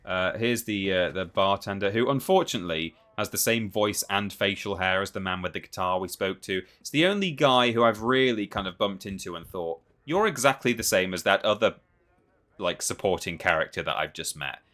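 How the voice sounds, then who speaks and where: Male streamer, deep, crisp forward tone, chatty and musing over gameplay. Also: animated, moderate pace, pushed and bright. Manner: chatty, musing, self-interrupting. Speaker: livestream host. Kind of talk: live gameplay commentary.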